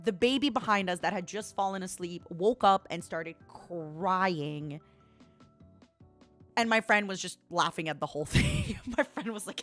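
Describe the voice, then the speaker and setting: A woman's voice: mid-range voice, very animated, a little slow, a bit bright, faint music behind. A woman streamer in casual chat, telling a story dramatically and animatedly.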